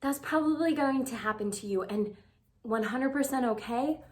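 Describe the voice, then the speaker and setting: Young female vlogger with a higher voice, chatty and casual, lots of fillers. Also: normal speed. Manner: chatty, lots of "like" fillers, acts out quoted texts. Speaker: advice vlogger. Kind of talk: casual talk to camera.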